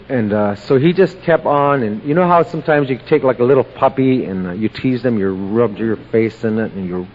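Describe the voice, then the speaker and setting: A man of middle pitch tells his own story to a recovery meeting, slow and plain-spoken, pausing between thoughts. His voice rings with a long hall echo, and the recording sounds dull and lo-fi. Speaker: AA meeting speaker. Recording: lo-fi audio with long hall reverb.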